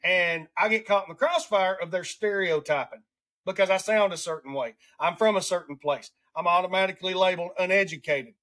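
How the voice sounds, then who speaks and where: Rambling Southern man, high voice. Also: fairly bright tone. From Alabama. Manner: rambling, restarts often, drawn-out emphasis. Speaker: podcast host. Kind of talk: casual podcast chat.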